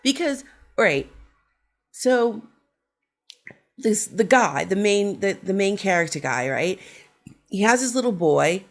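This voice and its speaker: A woman's voice: mid-range voice, lively intonation, takes it slowly, long pauses. A middle-aged woman ranting casually on her horror vlog, sarcastic and profane as she tells stories. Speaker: horror vlogger. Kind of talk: casual rant.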